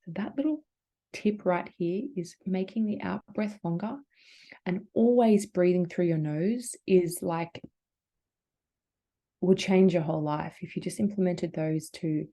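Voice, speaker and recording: Warm, mellow Australian woman guiding breathwork. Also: fairly low pitch, unhurried. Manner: gentle, encouraging, casual filler-heavy guidance. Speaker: workshop facilitator and yoga teacher. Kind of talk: guided breathing workshop.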